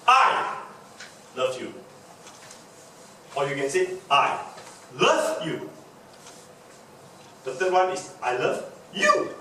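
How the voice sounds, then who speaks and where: A man teaches a public speaking workshop in an emphatic, demonstrative way, his voice sitting somewhat high for a man. He is recorded from a distance in a very echoey room, and clear background noise hangs under his speech. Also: fairly bright tone. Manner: emphatic, demonstrative, repeats key words.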